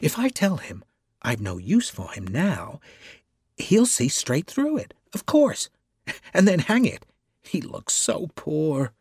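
A man voicing an irritable, moody male novelist who speaks curtly and growls, in a husky voice. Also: on the high side, wildly swooping pitch, slow pace, no echo, studio quality, voice pushed up, exaggerated voice. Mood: fretful. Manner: curt and growling.

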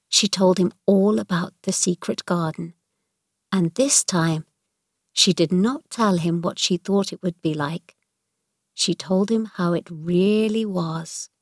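Slow, deliberate woman reading a story. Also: mid-range voice, no echo, clean studio sound. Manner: clear, measured, deliberate. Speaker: narrator.

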